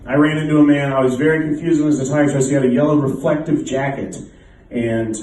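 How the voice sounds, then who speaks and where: An American comic works a club crowd with dry, self-deprecating stories, acting out quoted exchanges. His medium-pitched, steady, slightly mellow voice goes fast, and the distant mic catches roomy club sound with slight background noise.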